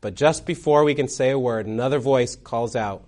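Guy preaching a sermon, slightly high voice, goes loud then hushed, storytelling style. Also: moderate pace, few pauses. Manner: dramatic storytelling, swings between loud and hushed.

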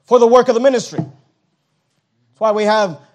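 A middle-aged man preaching a sermon as pastor, emphatic, dropping now and then to a hush. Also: sits high, measured pace, highs cut off.

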